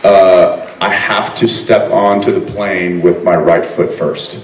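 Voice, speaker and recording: A man's voice: low-pitched, fairly even intonation, slow, far from the mic. A man on a convention panel, teasing and laid-back as he answers audience questions. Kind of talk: joking panel banter. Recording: echoey hall with loud crowd. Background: loud audience noise.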